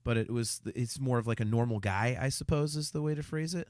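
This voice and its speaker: Here a man's mid-range, slightly mellow voice moves along briskly, captured at studio quality without any room sound. He's a co-host on a casual fan podcast, often stumbling and restarting sentences in a hesitant way while reading comments from viewers.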